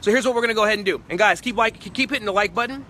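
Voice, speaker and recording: A man with a very high, bright, forceful voice delivers a rapid motivational sales talk. He is emphatic and acts out his clients' lines as he goes. Faint outdoor traffic noise sits behind him. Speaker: sales trainer.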